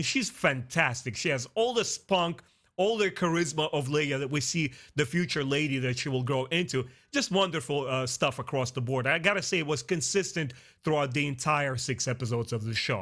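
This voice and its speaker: A man reviewing a TV series in a casual, earnest way, talking straight to his viewers and often pausing with "uh" and restarting. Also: on the high side. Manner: earnest and expressive, talks straight to viewers as "guys"; frequent "uh" fillers and restarts. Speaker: film and TV reviewer. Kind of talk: casual spoken review to camera.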